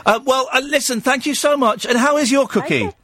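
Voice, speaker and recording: A man's voice: very high voice, a little fast, sharp tone, slight background noise. A man hosting a late-night radio phone-in, talking in a playful, rambling way with many restarts. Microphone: studio microphone.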